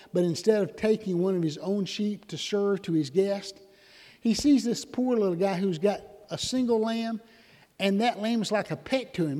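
Preacher guy, high mellow voice, big booming church reverb. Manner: animated preaching with dramatic loud outbursts. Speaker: pastor. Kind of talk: sermon. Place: church sanctuary. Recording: long hall reverb.

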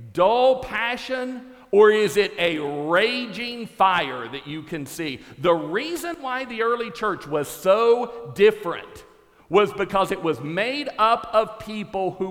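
A man delivers a dramatic sermon from a church stage. His high voice moves between hushed asides and ringing shouts. A long reverb from the big room follows him. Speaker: pastor.

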